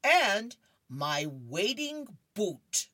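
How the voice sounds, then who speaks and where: A woman's voice: mid-range voice, big pitch swings, very slow, fairly bright tone, dry recording, studio quality, pitched above the performer's own voice, exaggerated voice. A woman voicing a cheerful beagle dog in a comic strip, reading his lines aloud in a chirpy way. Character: cheerful beagle dog getting ready to fish.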